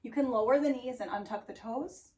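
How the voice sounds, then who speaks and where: A woman teaching a yoga class, giving calm, steady breath cues with playful sounds. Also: on the high side, brisk. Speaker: yoga instructor. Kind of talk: guided yoga class cueing. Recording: roomy echo, voice from a distance off the mic.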